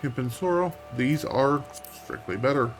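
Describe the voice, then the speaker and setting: A man streaming a game, giving relaxed, wry commentary that half talks to himself. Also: mid-range voice, moderate pace, soft background music. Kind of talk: casual gameplay commentary.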